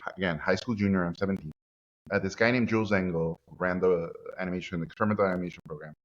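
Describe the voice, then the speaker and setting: A man's voice: sits low, fast talker, a little hiss or hum. A man in his forties from Mexico, a guest animator telling a story in conversation and acting out the people in it. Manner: lively storyteller acting out quotes. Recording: muffled lo-fi podcast audio.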